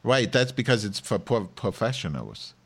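A man's voice: on the low side, sing-song, normal speed, vocal fry, breathy edge. Crude, bossy man playing news anchor. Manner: crude, bossy, profane joking. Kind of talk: comedic call banter.

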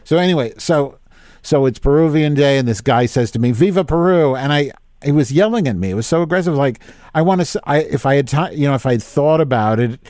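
Man, fifties, podcast host, cursing, exasperated, mid-pitched, dry recording. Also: animated, fast, a little mellow, dry recording. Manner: profane, exasperated ranting. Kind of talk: casual live-stream rant.

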